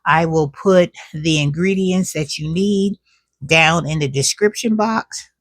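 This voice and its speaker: Slow, chatty woman vlogger. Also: low voice, no echo, clean studio sound. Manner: chatty, drawn-out, says "child" and "y'all". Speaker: home cook and gardening vlogger. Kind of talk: casual chat to camera.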